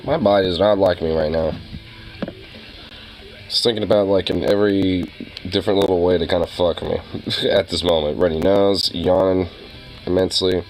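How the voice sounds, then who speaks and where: A man's voice: deep voice, steady tone, normal speed, pauses often, darkish tone, faint music behind, poor audio. A man grumbling and muttering to himself about yawning and a runny nose, casual and tired. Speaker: streamer. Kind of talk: casual solo talk.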